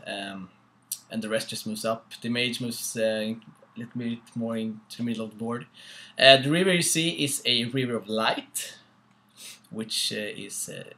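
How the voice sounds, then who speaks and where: Young Swedish guy with a Swedish accent and a bright voice, stop-start tabletop commentary. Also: mid-range voice. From Sweden. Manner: halting, many fillers, laughs at own jokes. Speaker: co-host. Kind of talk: casual battle report commentary.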